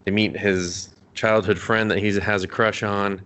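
A man's voice: fairly low pitch, flat delivery, a little slow, a bit bright. A man co-hosting a casual podcast, rambling through an anime recap, swearing a lot and acting out the characters' lines. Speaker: podcast co-host.

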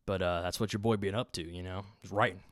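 A man's voice: low-pitched, steady tone, fast talker, no room sound, studio quality. A man with a Southern Ohio accent hosting a solo podcast, talking off the cuff in a profane, rambling, laid-back way. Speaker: podcast host. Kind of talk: unscripted solo podcast chat.

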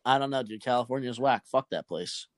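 A young man rambles through a story in loose, profane podcast chat. He sounds close and dry, with no room around him. His pitch sits at an ordinary middle for a man. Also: a little fast, dry recording. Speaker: podcast host.

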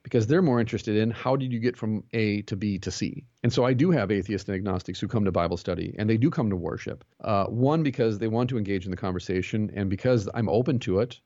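A man's voice: on the low side, fast, hardly any pauses, mellow, dry recording, dull audio. A man who is a pastor and jiu-jitsu instructor, talking earnestly as a podcast guest and telling stories with quoted dialogue. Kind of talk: conversational interview.

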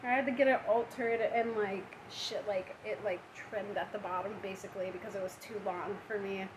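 A woman in her twenties from Minnesota, a podcast guest, talking in an animated way, swearing often and laughing quickly. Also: mid-range voice, background noise. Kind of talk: casual chat.

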